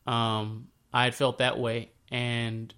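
A man telling a Bible story in a casual, slangy way, breaking into animated retellings of the scenes. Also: mid-range voice, slow, clear, resonant tone. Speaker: speaker sharing a faith story. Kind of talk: casual spoken reflection.

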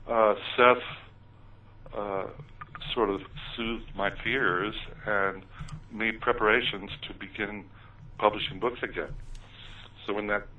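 Low-voiced man on a tinny phone line. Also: recorded from a distance, a little hiss or hum. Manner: hesitant, many ums and uhs. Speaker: author recounting his experiences. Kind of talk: interview storytelling.

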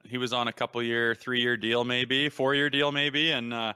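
A man co-hosting a sports show, a former pro player telling stories in a relaxed, casual way. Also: mid-range voice, moderate pace, smooth, no echo, studio quality. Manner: laid-back, storytelling, frequent "man" and "hey".

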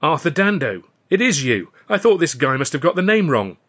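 A man reading the lines of a friendly, long-suffering old company manager in a storybook, brisk and chummy. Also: mid-range voice, lively intonation, fairly bright tone. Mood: cheerful. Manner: brisk and chummy, sighing at the boss.

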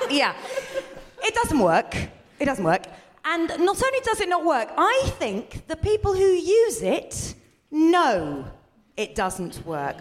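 A woman co-hosting a live comedy podcast, telling self-mocking stories and laughing through them in front of an audience. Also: high-pitched. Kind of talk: live stand-up storytelling. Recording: noisy live recording.

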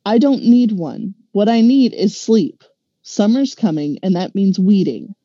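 A sulky young boy with a growl in his voice, grumbling that he only wants to sleep, put on by a woman reading aloud. The sound is mellow and muffled, with a dry, close feel like a storybook read at home. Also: mid-range voice, lively intonation, measured pace, no room sound. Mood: grumpy.

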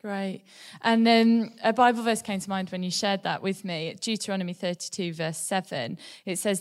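A woman's voice: mid-range voice, a little fast, hardly any pauses. A woman hosting casual church interviews, an encouraging interviewer who laughs along and leads into prayer. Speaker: host.

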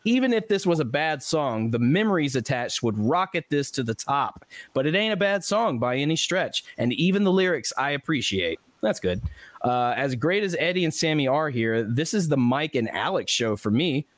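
A man's voice: fairly high pitch, sing-song, normal speed, no echo. A man hosting a podcast, chatting casually and reading out listener comments with frequent laughs and fillers. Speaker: podcast host.

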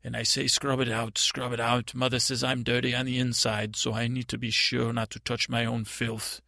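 An actor playing a timid, naive boy prince in an improvised comedy podcast, telling a story in a halting, stammering, meandering way. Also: mid-range voice, flat delivery, gravelly, pushed and bright, no echo, studio quality. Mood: rambling. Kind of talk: improvised comic monologue.

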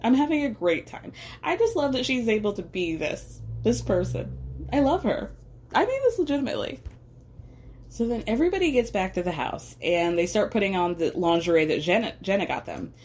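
A woman's voice: mid-range voice, big pitch swings, a little fast, darkish tone, a little hiss or hum. A woman hosting a podcast, recapping a reality show in casual commentary. She talks chattily, says "like" a lot, asks rhetorical questions and laughs often. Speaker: podcast host.

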